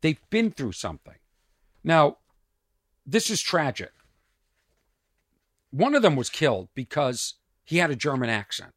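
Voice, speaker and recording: A man hosting a comedy podcast, talking over a news clip in a halting, reflective way with many restarts. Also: a little high, very animated, no room sound, studio quality. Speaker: podcast host. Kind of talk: casual commentary on a news clip.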